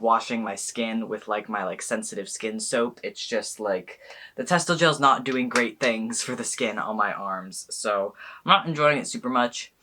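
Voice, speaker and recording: A chatty man records a casual video diary in a bright, forward voice. He talks frankly and loosely, peppering his sentences with fillers. His pitch sits in an ordinary middle range for a man. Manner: frank, chatty, swears, fills with "like". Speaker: vlogger.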